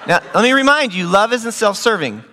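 A middle-aged male pastor giving a sermon, telling a childhood story, an animated storyteller who jumps to loud high squeals when acting out scenes. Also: brisk, slight background noise. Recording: long hall reverb.

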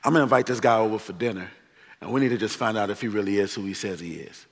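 Fussy indignant religious leader, put on by a man, gravelly, echoing in a big hall. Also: fairly low pitch, very fast, voice pushed down. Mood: scheming. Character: suspicious male religious leader hosting dinner. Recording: long reverb of a large hall.

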